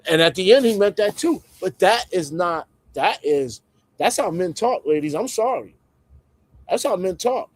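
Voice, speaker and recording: A man giving casual livestream commentary in an animated, conversational way, swinging between loud emphasis and muttered asides. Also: high-pitched, moderate pace, dry recording, rough recording.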